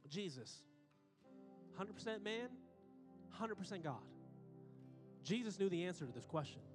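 High-voiced man preaching emphatically. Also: measured pace, music in the background. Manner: emphatic, repeats phrases, builds to high excited peaks. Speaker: pastor. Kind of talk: sermon. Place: church auditorium. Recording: long hall reverb.

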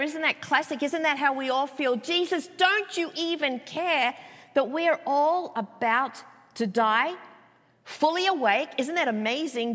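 A woman pastor preaching a sermon, telling a story with expressive delivery and many rhetorical questions. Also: high voice, big-room sound.

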